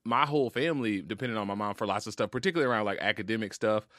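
A man's voice: lowish voice, rapid-fire, a bit bright, dry recording. A man as a podcast guest, talking earnestly and emotionally in casual slang, close to tears. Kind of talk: heartfelt casual conversation. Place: recording studio.

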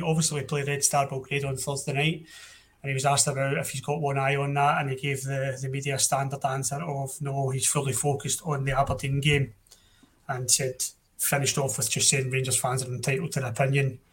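A young Scottish man hosting a casual football podcast, blunt and opinionated, often restarting his sentences. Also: medium pitch. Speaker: podcast host.

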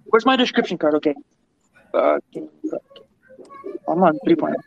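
A man's voice: a little high, expressive, normal speed, creaky, dry recording. A man co-hosting a podcast, reading out challenge steps and cursing now and then in casual chat. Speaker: podcast co-host. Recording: dry muffled call audio.

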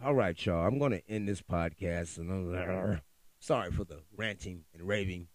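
A man's voice: low-pitched, moderate pace, dry recording. A middle-aged man, hosting his own podcast and ranting with heated, profane exasperation. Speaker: podcast host. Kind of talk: solo podcast rant.

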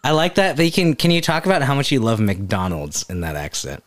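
A woman in casual conversation, lively and laughing as she throws out accent challenges. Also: a bass voice, a little fast. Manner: lively, prompting with prompts and laughter. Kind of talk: casual chat.

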